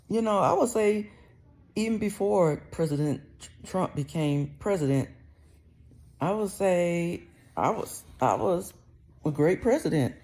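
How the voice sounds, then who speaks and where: A woman's voice: on the low side, warm tone. A woman vlogger talking casually from home, rambling in a conversational way with slang. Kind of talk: casual chat to camera.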